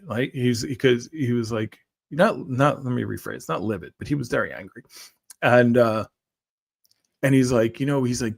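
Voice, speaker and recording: Male morning-show host, mid-pitched and gravelly, loose rambling delivery full of "like" and "right?", dry recording. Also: normal speed, no room sound. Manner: rambling, repeats words, frequent "right?" and "like". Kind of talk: casual solo monologue.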